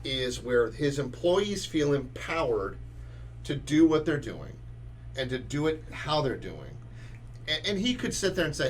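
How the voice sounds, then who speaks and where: A man's voice: a little high, sing-song, a little slow, slight background noise. A man co-hosting a casual sports talk podcast, emphatic and often restarting his sentences. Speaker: podcast co-host.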